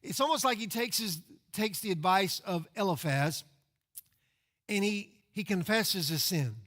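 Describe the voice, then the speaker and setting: High-voiced man preaching conversationally. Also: expressive, unhurried, fairly bright tone. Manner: conversational, rhetorical questions, repeats words. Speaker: pastor. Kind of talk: expository sermon. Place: church sanctuary.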